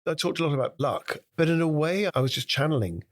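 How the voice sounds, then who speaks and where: A British man, a guest impressionist, telling stories in a brisk conversational interview and breaking into voices. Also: on the high side, lively intonation.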